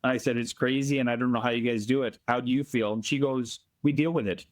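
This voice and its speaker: A man from Canada, a volunteer being interviewed remotely, telling earnest stories in a plainspoken, emphatic way and slowing down to stress points. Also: medium pitch, steady tone. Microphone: remote call from abroad.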